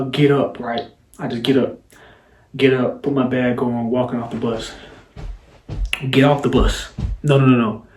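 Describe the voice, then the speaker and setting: A young man casually retelling a childhood story, animated and slangy, dropping sound effects as he goes. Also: medium pitch, roomy sound.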